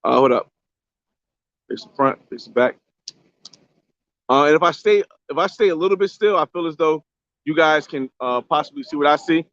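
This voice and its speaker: A young man live-streaming a casual travel vlog from a beach, talking loosely in slang and shouting out viewers on a handheld phone. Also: fairly high pitch, normal speed, pauses often, no room sound. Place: outdoors on a beach by a boat landing. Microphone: phone camera held by hand. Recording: slightly dull lo-fi phone audio.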